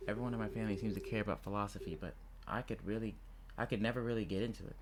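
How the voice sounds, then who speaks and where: A man voicing a weary adult male accountant who narrates in a low, flat tone. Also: rapid-fire, noisy background, natural voice.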